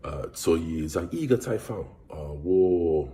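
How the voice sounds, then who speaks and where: A man speaking in a halting way in an apology video, repeating words. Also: low voice, expressive, warm tone.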